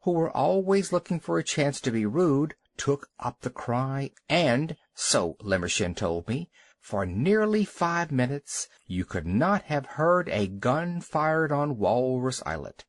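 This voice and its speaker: Man, children's storybook narration, dramatic, animated, dry close mic. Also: mid-range voice, slow pace, no echo. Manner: expressive, dramatic reading. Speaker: audiobook narrator.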